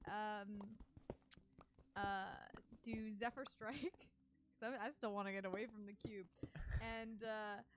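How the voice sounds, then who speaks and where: A woman playing a tabletop role-playing game, slowly describing her moves with fillers and giggles. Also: medium pitch, steady tone, noisy background. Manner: slow, giggly, filler-heavy. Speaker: player. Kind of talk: casual tabletop play.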